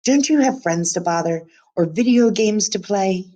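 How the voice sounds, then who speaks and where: Woman reading grumpy man, gruff, scolding, storybook, webcam audio. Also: mid-range voice, lively intonation, normal speed, mellow, muffled recording, voice pushed up, close to an everyday voice. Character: gruff grumpy middle-aged man, dog walker.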